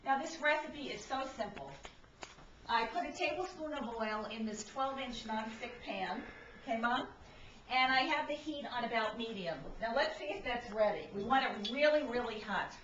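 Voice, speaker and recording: A chatty middle-aged woman from Brooklyn walks through a recipe in her home kitchen, her fairly high voice tossing in an "okay?" every few lines. She is picked up by a camcorder mic from across the room, so the sound is roomy, a bit far off and slightly muffled, with faint noise underneath. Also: lively intonation, moderate pace, fairly bright tone. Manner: chatty, keeps checking in with "okay?". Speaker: home cooking instructor. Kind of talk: casual cooking demonstration. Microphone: camcorder mic from a distance. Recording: echoey, distant, slightly dull camcorder audio.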